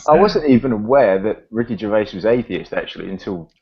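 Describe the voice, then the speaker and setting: A man with a thick English accent from Northamptonshire joins a video call, friendly, laughing and self-effacing. His voice sits a little low. The call audio is dull and lo-fi. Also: animated, brisk, husky. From England. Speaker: caller, guest. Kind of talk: casual video call chat.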